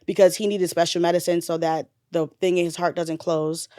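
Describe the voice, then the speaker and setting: Candid, animated woman telling her story. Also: fairly low pitch, a little fast, no echo, clean studio sound. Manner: candid and animated, with blunt slang and swearing. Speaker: mother sharing her son's story. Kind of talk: casual interview storytelling.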